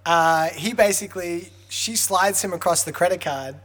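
A young man co-hosting a casual chat podcast, telling a story with a quick laugh. His voice is bright and forceful and sits a little high. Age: young adult. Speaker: podcast co-host.

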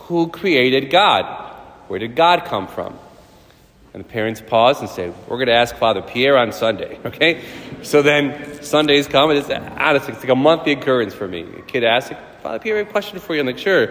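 A man's voice: medium pitch, animated, normal speed, a bit bright, slight background noise. A man, a priest, giving a casual, storytelling sermon with playful voiced asides. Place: church. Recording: church hall reverb.

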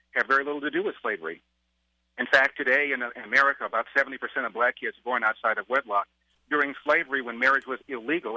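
A man's voice: mid-range voice, bright, forceful tone, no room sound, poor audio. A man, a radio host, calling in as a guest and arguing his point firmly. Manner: assertive, argumentative. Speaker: radio talk show host, guest caller. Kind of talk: phone-in interview.

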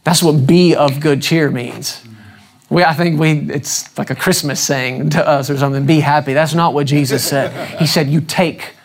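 A man's voice: a little high, fairly even intonation, normal speed. Conversational preacher questioning his congregation. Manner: acts out scripture quotes with varied emphasis. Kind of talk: evening church sermon. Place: church service before a congregation.

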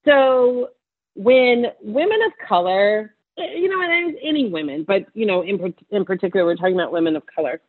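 A woman physician answers an interview question with passionate, tearful conviction, speaking warm-hearted encouragement like a sermon. Her medium-pitched voice has lively intonation and a moderate pace, and the sound is phone quality.

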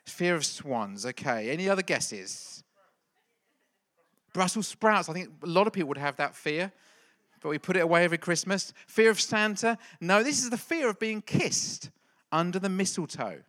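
Male pastor, middle-aged, playful teasing delivery, tense bright tone. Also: high-pitched, animated, normal speed. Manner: playful, jokey, quizzes the congregation. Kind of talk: lively church talk with a quiz.

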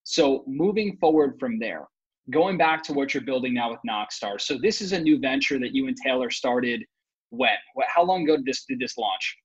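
A man with a husky, slightly raspy voice hosts an interview, speaking earnestly and turning to the viewers. The recording sounds dull and lo-fi, as if the top end has been cut off. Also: mid-range voice, lively intonation, moderate pace. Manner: earnest, addresses viewers directly. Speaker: podcast host. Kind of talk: interview hosting.

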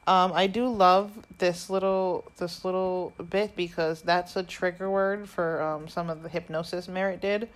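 A woman's voice: on the low side, low-quality recording. A woman co-hosting a podcast, casually recapping a movie scene by scene. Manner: chatty, recaps with quoted lines. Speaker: podcast co-host.

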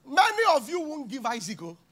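Animated pastor, high bright voice. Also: male voice, a little fast. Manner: animated, acts out little scenes with voices, laughs often. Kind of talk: sermon. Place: church.

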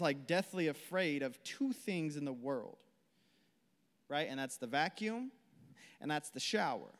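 A young man preaching a sermon with passion. He stumbles and repeats words, then drops into quiet prayer. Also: sits high. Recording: long hall reverb.

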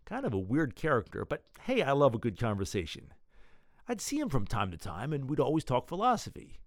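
A man's voice: mid-range voice, huge pitch swings, a little fast, no room sound, studio quality. A man voicing a chatty older father held captive, telling his story in a rambling, folksy way.

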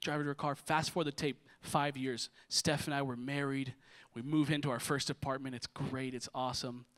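Bright-voiced young male pastor preaching. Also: medium pitch, brisk. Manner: lively, joking storyteller who shifts to preaching. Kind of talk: sermon with storytelling. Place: church stage before a congregation.

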